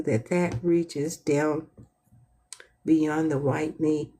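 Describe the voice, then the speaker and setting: Woman host with a low voice and a slow, earnest, heartfelt delivery. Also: husky. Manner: earnest, heartfelt, animated when storytelling. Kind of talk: casual inspirational talk.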